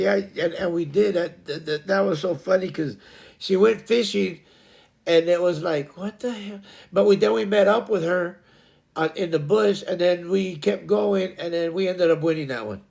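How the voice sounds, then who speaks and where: A man with a gravelly voice, pitched a bit higher than most men, chats casually as host of his own stream. He rambles and hunts for words with plenty of ums and uhs. He laughs while he tells a funny story. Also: normal speed, a little mellow. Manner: rambling, searching for words with many fillers.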